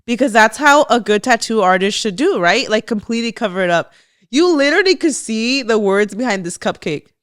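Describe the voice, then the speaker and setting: Animated high-voiced young woman co-host. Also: a little fast. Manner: animated, swearing, laughing often. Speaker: podcast co-host. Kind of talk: casual gossip chat.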